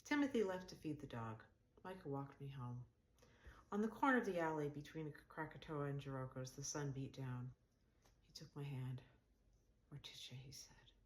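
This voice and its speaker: A woman author reading her own novel aloud in a calm, measured, wry narration. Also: sits low, slight background noise, low-quality recording. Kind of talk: audiobook-style fiction reading.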